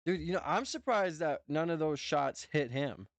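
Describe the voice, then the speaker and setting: A man's voice: fairly high pitch, expressive, normal speed, a little hiss or hum. A man with a North Dakota accent, a streamer giving loose, profane reaction commentary full of "bro" and "man".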